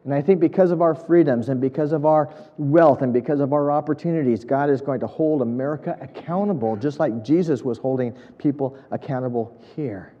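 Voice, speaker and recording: A man's voice: mid-range voice, brisk, hardly any pauses, long reverb tail, dull audio. A man preaching an earnest, emphatic sermon, building points through repetition. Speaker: pastor.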